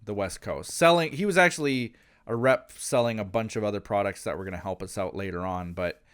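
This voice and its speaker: A man's voice: on the low side, brisk, fairly bright tone, smooth. Rambling man telling a story. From Canada. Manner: rambling, frequent restarts and asides. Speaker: gaming channel host. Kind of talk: casual anecdote.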